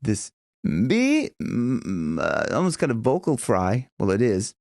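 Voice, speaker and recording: A man teaching a casual singing lesson, chatting loosely and breaking into high sung examples and bits of vocal fry. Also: huge pitch swings, takes it slowly, darkish tone, no room sound, studio quality. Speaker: vocal coach.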